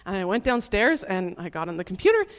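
A speaker telling a personal conversion testimony in a casual, earnest and halting way, with many restarts, fillers like "like", and soft laughs. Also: medium pitch, sing-song, long reverb tail.

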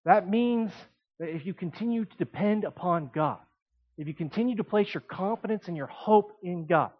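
A man preaching a sermon in an animated, conversational way, with emphatic asides. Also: high-pitched, moderate pace, dull audio.

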